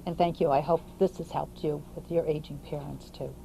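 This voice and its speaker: A woman's voice: low-pitched, steady tone, fairly quick, gravelly, background noise. A woman hosting a talk show, asking brief, attentive questions of her guest. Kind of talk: interviewing a guest.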